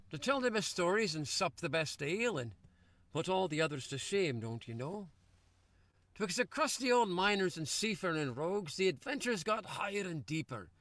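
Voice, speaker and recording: A man's voice: sits high, a bit bright, no echo. A man from Western Massachusetts telling a folksy, chuckling spoken word tale with a lilting storyteller's delivery, recorded inside a car. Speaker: singer-songwriter. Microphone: computer or phone mic for an online meeting.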